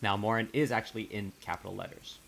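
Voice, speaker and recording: A man narrating as game master in a tabletop game, casual and halting, with many fillers. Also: fairly low pitch, steady tone, gravelly, very noisy. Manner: casual, halting with fillers, reads letters aloud.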